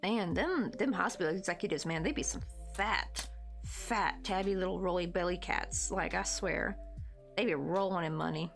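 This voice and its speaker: A woman's voice: fairly low pitch, normal speed, creaky, faint music behind. A woman from the United States hosting a crochet livestream, chatting in a rambling, laughing way and reading viewer comments aloud.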